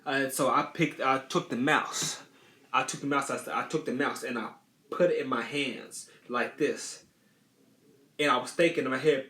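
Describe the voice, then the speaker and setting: A man's voice: mid-range voice, steady tone, normal speed, bright, forceful tone. Rambling man telling a childhood story. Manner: rambling, repeats phrases, many restarts. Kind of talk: casual storytelling. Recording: roomy echo.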